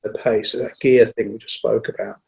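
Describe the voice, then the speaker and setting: Gravelly-voiced man coaching on public speaking. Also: on the low side, poor audio. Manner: energetic, acts out audience lines, speeds up and slows down on purpose. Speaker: presentation skills trainer. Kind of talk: casual conversational interview.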